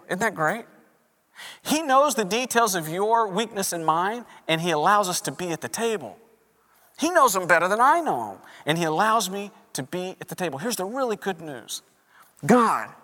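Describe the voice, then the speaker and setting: Male pastor, animated sermon storyteller, bright voice, big hall reverb. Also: on the high side. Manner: animated storytelling, acting out quoted lines.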